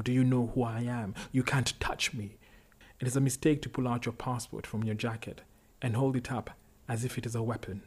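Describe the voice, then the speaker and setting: A man narrating a literary story in a measured, expressive way. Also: mid-range voice, breathy edge.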